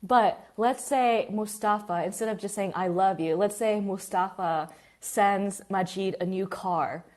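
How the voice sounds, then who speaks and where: A woman runs a live online English class, chatty and lively, greeting each student by name as they join. Her voice sits at a medium pitch and she speaks in an unhurried way.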